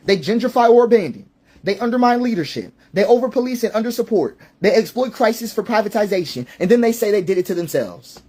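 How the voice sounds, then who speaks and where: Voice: medium pitch, animated, quick pace, dark tone, slightly rough. A social commentator delivering an impassioned monologue, repeating phrases for emphasis, asking rhetorical questions and running through lists of points.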